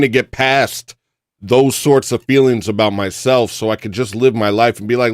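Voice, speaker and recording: A man chatting casually while gaming, telling rambling, self-deprecating stories with wry, deadpan humor. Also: mid-range voice, moderate pace, no echo, studio quality.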